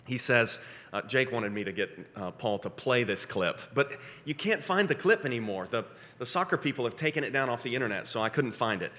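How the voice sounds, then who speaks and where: Animated preacher man in a big echoing hall. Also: a little fast. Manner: animated, acts out quotes with sudden high excited bursts. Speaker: pastor. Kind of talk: sermon.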